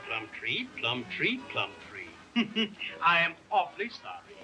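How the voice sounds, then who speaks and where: A slow grand pompous phony colonel, old film comedy, bright voice. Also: male voice, a little high, wildly swooping pitch, faint music behind, exaggerated voice, low-quality recording. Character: pompous blustering man posing as a colonel. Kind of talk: 1930s film comedy acting.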